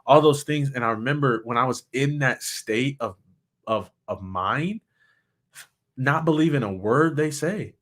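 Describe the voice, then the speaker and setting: A middle-aged man talks with a frank, reflective openness. His speech halts and restarts as he gathers his thoughts, the words sincere rather than polished, in a voice of ordinary middle pitch. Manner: candid, halting, with many restarts and soft laughs. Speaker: motivational speaker and suicide survivor. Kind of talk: personal reflective talk.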